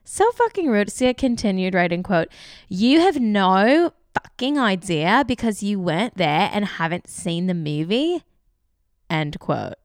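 A woman's voice: medium pitch, animated, unhurried, clear, resonant tone, no echo, clean studio sound. A woman hosting a show, giving sarcastic, casual celebrity gossip commentary, full of fillers. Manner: chatty, sarcastic, many fillers. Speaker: podcast host.

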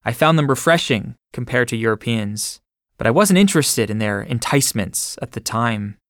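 Guy reading a war memoir, measured delivery, mid pitch, super dry studio sound. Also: expressive, fairly bright tone, no room sound. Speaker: audiobook narrator. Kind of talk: first-person memoir narration.

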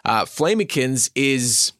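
A man's voice: medium pitch, big pitch swings, slow, fairly bright tone, dry recording, studio quality. A man co-hosting a casual chat about tabletop characters, speaking thoughtfully and restarting his phrases. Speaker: podcast co-host and player.

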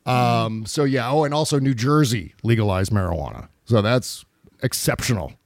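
A man's voice: mid-range voice, moderate pace, no echo, studio quality. Sardonic, foul-mouthed male podcast host. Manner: profane, sardonic. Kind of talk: casual political chat.

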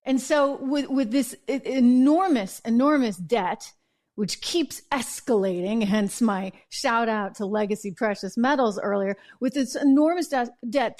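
A woman hosting a political commentary show, talking in a chatty, sarcastic way. Her voice sits a little high. She throws in quick asides and corrects herself mid-sentence as she goes. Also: darkish tone.

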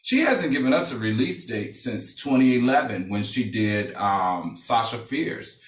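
A man's voice: mid-range voice, big pitch swings, measured pace, recorded from a distance. A chatty, enthusiastic male co-host on a talk show. He sits well back from the mic, and the room around him is echoey. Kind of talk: casual chat.

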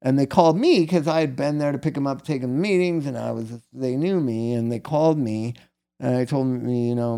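A middle-aged man with a gravelly, creaky voice tells a personal story in an easy, conversational way. His tone sits dark and mellow, and he rambles candidly and checks in with his listener as he goes. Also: medium pitch, a little fast. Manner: candid, rambling, many fillers like "right?" and "like". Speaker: guest telling a personal story.

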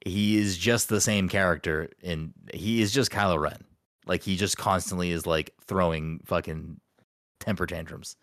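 A man's voice: deep voice, steady tone, normal speed, fairly bright tone, no echo, clean studio sound. A man hosting a casual chat, hesitant and swearing often.

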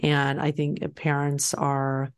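A woman's voice: sits low, monotone, slow, clean tone. A woman hosting an interview, talking thoughtfully and often hedging with filler phrases. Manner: thoughtful, hedging with "you know". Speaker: host. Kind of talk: casual interview chat.

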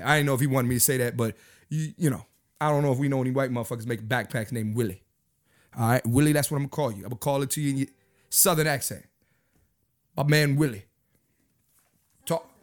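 Male podcast host, high-pitched, casual and slangy, repeats lines for emphasis. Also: fairly bright tone. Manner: loose, slangy, repeats himself. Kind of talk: casual solo podcast chat.

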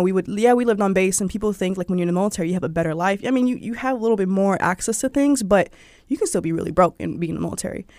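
In a clean studio recording with no echo, a young woman with a Southern accent shares casual personal stories as an interview guest. Her voice sits in the mid-range, and she's from Georgia, USA. Chatty and animated, she peppers her talk with "like" and performs the voices she quotes.

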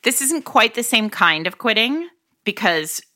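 A woman co-hosting a casual chat podcast, recommending books with quick, enthusiastic talk. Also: fairly high pitch, sing-song, bright, forceful tone, no echo, clean studio sound. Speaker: podcast co-host. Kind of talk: casual chat about romance novels.

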